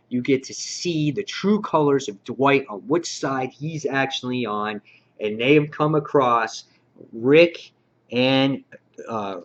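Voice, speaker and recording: Rambling, excited male comic reviewer. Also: mid-range voice. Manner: rambling and excited, heavy on fillers and acted quotes. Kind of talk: casual review vlog. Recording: dull lo-fi recording.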